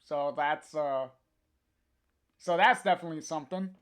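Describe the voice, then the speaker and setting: A man casually reading a comic aloud on a livestream, halting with many fillers and chuckling to chat. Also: on the high side, a bit bright, clean tone.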